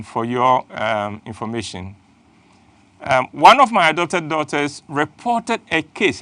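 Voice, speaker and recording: A man's voice: a little high, pushed and bright, dry recording. A middle-aged man, hosting a playful, emphatic motivational talk. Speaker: host.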